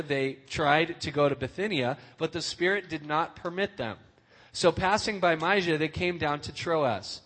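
A man's voice: a little high, fairly bright tone. Man preaching casually in a reverberant hall. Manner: conversational, asks the room questions. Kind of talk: casual youth sermon.

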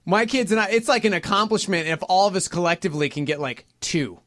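A man co-hosting a casual radio chat, animated and excitable, laughing often. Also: high voice, fast, dry recording, studio quality. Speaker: co-host.

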